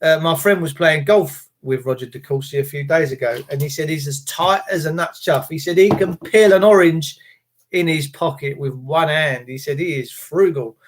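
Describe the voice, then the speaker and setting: Chatty man with a high voice. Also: normal speed. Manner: chatty, greets viewers by name, frequent throat clearing. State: recovering from flu, voice cracking. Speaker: livestream host. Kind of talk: casual live-stream chat.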